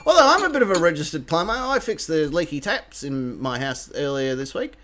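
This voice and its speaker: An Australian man hosts a live comedy chat in a fairly high voice. He banters crudely and laughs at his own jokes. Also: big pitch swings, fairly quick. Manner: laughs often, crude and self-mocking. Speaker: comedy show host.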